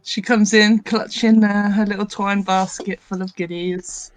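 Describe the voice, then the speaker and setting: A woman narrating her character's actions in a tabletop game, quick and eager. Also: medium pitch, monotone, poor audio. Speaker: player.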